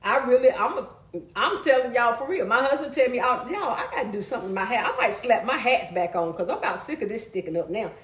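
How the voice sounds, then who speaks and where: A woman hosting a casual live stream, chatty and loud, calling out to viewers and reading their comments. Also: fairly high pitch, expressive, quick pace, reverberant.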